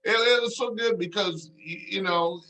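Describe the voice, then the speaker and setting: A jokey male host of a sports talk show, with a higher voice and a bright, forceful edge. He ribs his guest in easygoing chat. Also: moderate pace, a little hiss or hum, rough recording. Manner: teasing, jokey. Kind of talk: casual chat.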